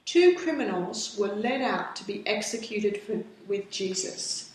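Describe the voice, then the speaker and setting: A woman telling a Bible story aloud in a slow, measured way, in a very echoey room. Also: medium pitch, lively intonation.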